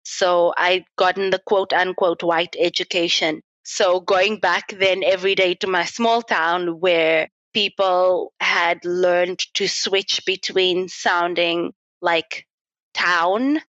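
A woman's voice: on the low side, steady tone, slow pace, fairly bright tone, no echo, muffled recording. A young South African woman, a native Afrikaans speaker, reflecting in a casual interview and laughing often. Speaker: guest.

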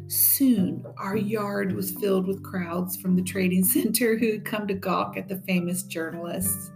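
A woman's voice: mid-range voice, fairly even intonation, measured pace, creaky, hardly any pauses. Woman reading a memoir over guitar. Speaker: teacher reading aloud.

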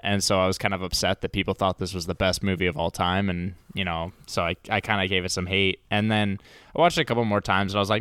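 A man with a fairly low voice chats laid-back about a movie in a casual podcast, peppering his talk with "bro" and "dude." His voice is close and dry, with no room echo. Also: flat delivery, fast, a bit bright, clear, resonant tone. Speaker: podcast co-host. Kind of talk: casual movie review chat.

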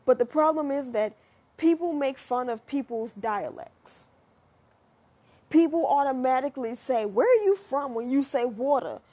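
A high-pitched young woman from the United States talks straight to camera in a loose, chatty monologue. Her voice is airy and a little husky, and she drifts between musing and animated asides, with the odd swear word. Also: unhurried. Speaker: vlogger.

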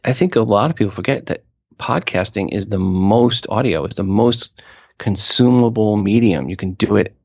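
A man talking as an expert guest in an interview, explaining with emphatic asides and quick restarts. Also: fairly low pitch, lively intonation, darkish tone, no echo, lo-fi sound. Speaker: podcast industry expert guest. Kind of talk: conversational interview answers.

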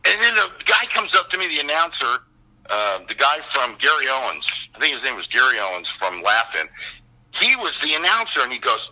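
Older man guest, husky and sharp-toned, swearing storyteller whose pitch jumps all over. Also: fairly quick, poor audio. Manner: profane, animated storyteller. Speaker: guest actor. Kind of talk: casual chat on a call.

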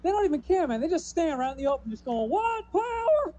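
A man's voice: extremely high pitch, lively intonation, very fast, warm tone. A man doing a stand-up routine, loose and rambling, peppering lines with "you know" and "man". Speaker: stand-up comedian.

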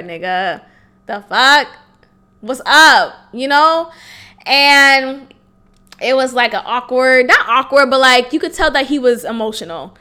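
Woman, late 20s, solo podcast host; high, bright voice; candid and casual, salty language, laughs easily. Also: unhurried, clean tone. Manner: frank and casual, swearing freely and breaking into laughter.

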